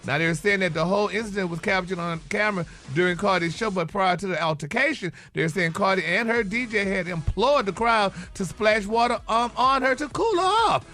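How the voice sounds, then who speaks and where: Man, sassy radio gossip reporter, high bright voice, a honey or baby in every line. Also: brisk, few pauses. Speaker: celebrity news reporter. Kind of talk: radio morning show gossip segment.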